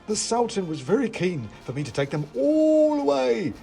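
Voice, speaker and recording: A man's voice: sits high, huge pitch swings, moderate pace, creaky, warm tone, soft background music, pitched above the performer's own voice, full character voice. A man voicing a boastful, swashbuckling adventurer in a storybook reading, with an eager, theatrical delivery. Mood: triumphant.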